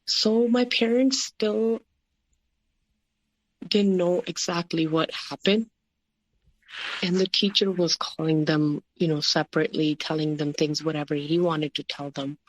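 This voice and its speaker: A woman's voice: low voice, fairly even intonation, unhurried, no room sound, low-quality recording. A woman, a podcast guest, recounting a personal story in a rambling way, with many fillers and quoted dialogue. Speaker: guest sharing her story.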